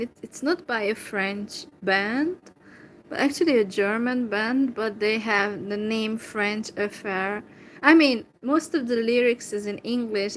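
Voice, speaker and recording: A Hungarian woman talking to camera in English with a Hungarian accent, replying to a viewer slowly and hesitantly, with many fillers. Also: on the high side, a bit bright, slight background noise, poor audio. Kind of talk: casual talk to camera.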